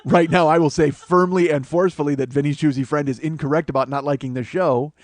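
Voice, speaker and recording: A middle-aged man hosting a solo comedy podcast, rambling and profane, breaking into loud mock voices. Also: a little high, fairly even intonation, fast talker, no room sound. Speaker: comedian host.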